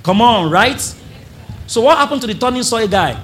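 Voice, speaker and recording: Speaking at a normal pace in a very high voice, a male pastor gives a lively sermon before his congregation. He acts out members of the church and calls on listeners to answer back, and there's a faint hiss or hum.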